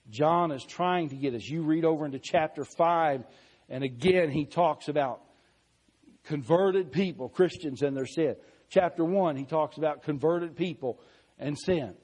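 A man preaching a sermon, reading scripture slowly and deliberately, swelling louder on key phrases and dropping soft. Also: a little high.

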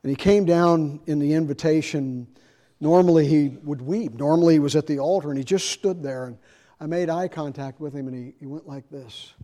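Man preaching with swings in volume. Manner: shifts from soft confiding asides to loud, high-pitched emphasis. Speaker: pastor. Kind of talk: sermon.

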